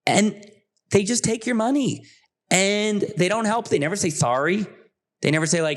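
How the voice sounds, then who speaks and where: A man's voice: sits high, brisk. A man speaking as a podcast guest, emphatic and insistent, his voice jumping up sharply on key points. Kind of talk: passionate interview talk.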